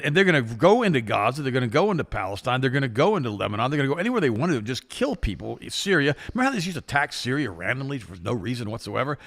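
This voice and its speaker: An impassioned male talk-show host with a gravelly edge. He talks quickly, with a lively, swinging pitch. He drives each point home with emphatic repetition. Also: long reverb tail. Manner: emphatic, impassioned, repeats himself. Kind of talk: casual talk-show commentary.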